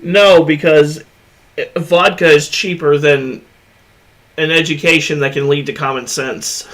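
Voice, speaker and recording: Slow-talking deadpan joking man. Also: a little high. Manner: deadpan jokes, laughs often. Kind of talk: casual reaction chat.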